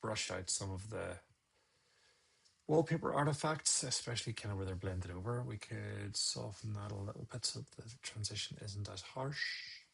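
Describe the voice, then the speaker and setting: A photographer teaches photo editing on a live stream in a lowish, gravelly, slightly rough voice with a fairly bright tone, speaking at normal speed. He mutters his steps aloud, scolds himself, and tosses in chatty asides.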